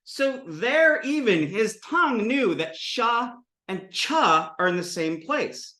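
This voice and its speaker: Man in his 30s, Sanskrit lecturer, lively and digressive, bright voice, acts out examples. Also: extremely high pitch, slow pace, echoey room. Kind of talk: informal classroom lecture. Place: classroom with students.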